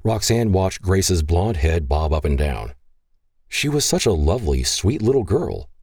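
A man reading a romance novel aloud as narrator, measured and expressive. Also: low-pitched, slightly rough, no room sound, clean studio sound. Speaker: audiobook narrator.

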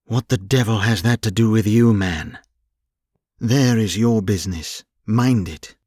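A man's voice: on the low side, steady tone, a little slow, warm tone, no room sound, clean studio sound. A man reading an audiobook, voicing an angry rich young man who plots a kidnapping, curt and commanding. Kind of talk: audiobook character voice.

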